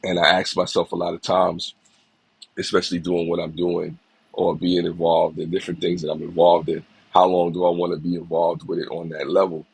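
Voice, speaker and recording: Here a man in his forties, a little sick and coughing slightly, hosts a casual motivational livestream, greeting viewers by name with a reflective, encouraging manner. His low voice is level and fairly quick, with vocal fry and slight roughness. The audio is poor, with no echo.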